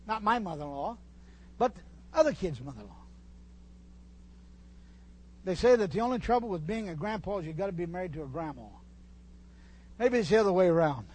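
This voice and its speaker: An older man preaching a folksy sermon in a church, teasing his congregation and pausing to restart his sentences. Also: high voice, darkish tone, breathy edge. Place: church hall.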